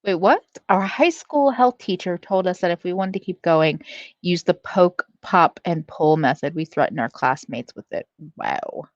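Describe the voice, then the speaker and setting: A woman's voice: lowish voice, animated, moderate pace, dry recording, muffled recording. A woman hosting a casual livestream, reading out chat, laughing often and swearing freely. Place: at home.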